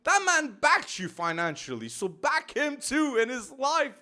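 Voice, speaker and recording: A male podcast host, talking football in an emphatic, animated way with many restarts. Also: very high voice, measured pace. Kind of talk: casual football podcast talk. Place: Portugal.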